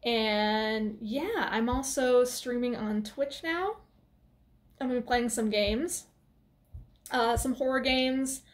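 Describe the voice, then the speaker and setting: Woman vlogger, slightly high voice, casual film-review chat with lots of "like" and "um". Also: slow. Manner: animated retelling with many fillers and restarts; chatty, laughs while telling.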